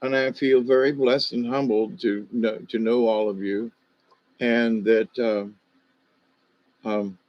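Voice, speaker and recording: Older male livestream host, slight Southern accent, rambling and halting, mid-pitched, muffled lo-fi sound. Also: fairly even intonation, no echo. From Ohio, USA. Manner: meandering, hesitant, many fillers. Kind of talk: rambling casual monologue.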